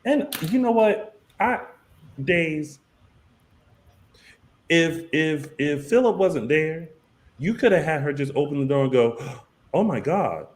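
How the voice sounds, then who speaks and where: A man's voice: fairly high pitch, lively intonation, takes it slowly, pauses often. A man co-hosting a soap opera recap podcast, talking casually and acting out scenes in quoted voices. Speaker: podcast co-host. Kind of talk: casual chat.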